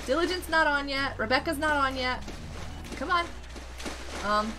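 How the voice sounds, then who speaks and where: A woman streaming a game, chatting casually and excitably, greeting and thanking her viewers. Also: sits high, normal speed, background noise. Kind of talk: casual live-stream chat while gaming.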